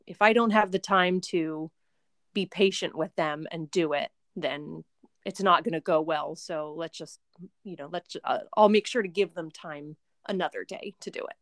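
Speaking with a voice on the low side, this young woman, a mother, is a guest in a casual interview chat. She rambles chattily, often filling pauses and restarting, and the sound is dry and close-miked without room sound.

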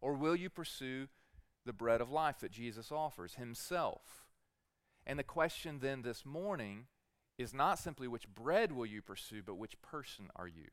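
A man's voice: medium pitch, animated, moderate pace, no echo, clean studio sound. A man preaching a sermon as teaching pastor, earnest and putting repeated rhetorical questions to the congregation.

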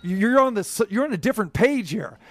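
A man's voice: sits high, animated, fairly quick, fairly bright tone, dry recording, faint music behind. A man hosting sports talk, arguing his point in an insistent, emphatic way. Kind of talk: sports radio commentary and debate.

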